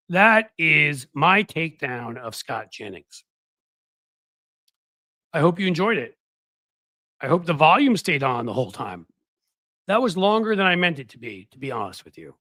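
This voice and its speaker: A man's voice: a little high, very animated, normal speed, pauses often, sharp tone, no echo. A man hosting a political commentary stream in casual talk, mocking his target and quoting others in put-on voices.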